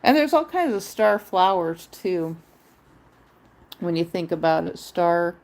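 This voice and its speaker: A woman's voice: lowish voice, big pitch swings, slow pace, darkish tone. A woman live streamer chatting in a rambling, musing way, drifting into wordplay.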